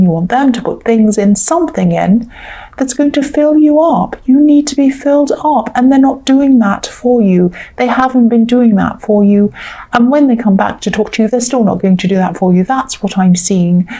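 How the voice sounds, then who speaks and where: Female tarot reader, mellow timbre, conversational, loose and rambling with bits of acted-out dialogue. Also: mid-range voice, low-quality recording. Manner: chatty, rambling, acts out imagined dialogue. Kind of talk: casual tarot reading monologue.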